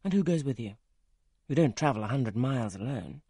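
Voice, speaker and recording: A man with a husky voice reading the part of a brusque, teasing wealthy gentleman in an audiobook, gruff and commanding. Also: mid-range voice, animated, brisk, no echo, studio quality.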